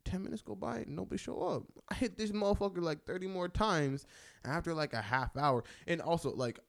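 A young man hosting a podcast, telling a story in loose, slangy casual talk. He jumps between loud bursts and low mutters, and leans on filler words throughout. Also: fairly quick, vocal fry. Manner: animated and slangy, leans on "like" and "bro". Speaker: podcast host.

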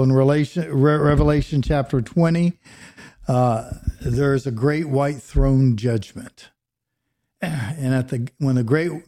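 A man, a pastor and podcast co-host, teaching a Bible passage verse by verse in an earnest preaching manner that drops to a hush on solemn points. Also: mid-range voice.

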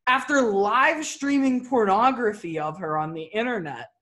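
A man's voice: high-pitched, lively intonation, bright, forceful tone. A young man hosting a casual podcast over a video call, rambling, swearing often and bantering with his friends. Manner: profane, rambling, quick to banter. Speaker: podcast host.

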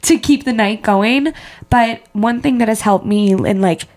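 A woman's voice: on the high side, measured pace, darkish tone. Congested young woman co-hosting a podcast. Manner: open and candid, many "like" fillers. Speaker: podcast co-host. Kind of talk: casual chat.

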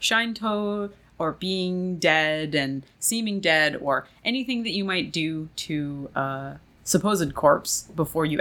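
Low-voiced woman with a bright tone. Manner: chatty storyteller, relaxed and conversational. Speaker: podcast host. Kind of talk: casual explanatory podcast chat.

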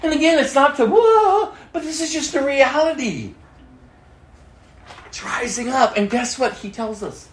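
A male pastor preaching a sermon in an animated way, laughing and acting out quotes in shifting voices. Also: very high voice, normal speed, reverberant, slight background noise.

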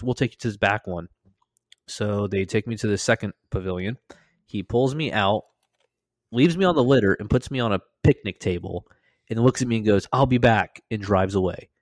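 A man hosting a podcast, telling a story in a casual, animated way, swearing freely and acting out what others said. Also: lowish voice, no room sound. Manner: animated, profane, acts out quoted lines. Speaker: podcast host.

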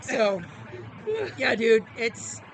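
A middle-aged man and former Marine telling a story in a casual podcast chat, animated and profane, acting out the voices of the people in it. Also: very high voice, drawn-out words, vocal fry, a little hiss or hum.

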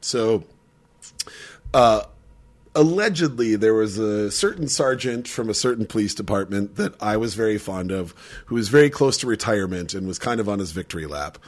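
A man telling a story in casual podcast chat, animated and profane, laughing often. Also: fairly low pitch, normal speed.

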